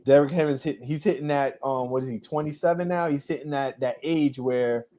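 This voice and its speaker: A man's voice: medium pitch, steady tone, fairly quick, dark tone. A man co-hosting a sports podcast, chatting casually about football picks, rambling with frequent restarts. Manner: rambling, restarts often, trails off with ums. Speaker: podcast co-host.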